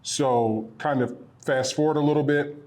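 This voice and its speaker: A man's voice: medium pitch, steady tone, moderate pace, darkish tone. Earnest rambling man in his shop. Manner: rambling, self-correcting, earnest. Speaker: printing supply business owner. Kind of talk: casual promotional chat. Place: their small shop location.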